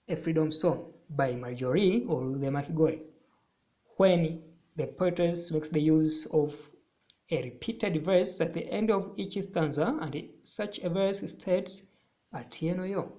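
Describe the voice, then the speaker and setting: A man teaching a recorded literature lesson, explaining slowly and deliberately and repeating phrases for emphasis. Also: fairly high pitch, lively intonation, darkish tone.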